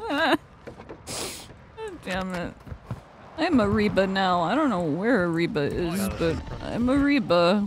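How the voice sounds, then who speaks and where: A young woman streaming a shooter game, chatting casually with viewers, excitable and swearing often. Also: mid-range voice, takes it slowly, pauses often. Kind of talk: casual gaming stream chat. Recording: noisy background hiss.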